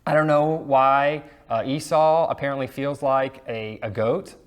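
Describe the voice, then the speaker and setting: A male Sunday school teacher in a casual, chatty lesson. He reads the passage aloud and breaks off with relaxed asides full of fillers, with a voice of middling pitch. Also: unhurried, smooth.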